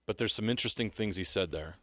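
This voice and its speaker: A man's voice: lowish voice, fast talker, pushed and bright, dry recording. A man co-hosting a sports radio show, arguing his point and pressing harder as he goes. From United States. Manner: argumentative, rising and pressing as he makes his case. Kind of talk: opinionated sports talk.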